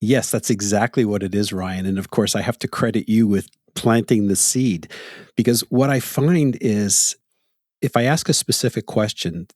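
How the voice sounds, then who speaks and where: A middle-aged Canadian podcast host tells stories in a casual, reflective conversation, chuckling often. His voice is fairly low and darkish, at normal speed, recorded with clean studio sound and no room sound.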